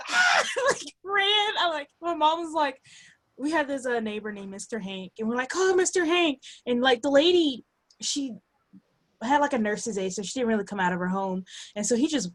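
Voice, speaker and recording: A woman from Alabama telling lively stories in a casual group video call, full of fillers and laughs. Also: sits high. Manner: animated, laughing storyteller with many fillers. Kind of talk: casual group chat, storytelling. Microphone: computer or headset mic on a video call.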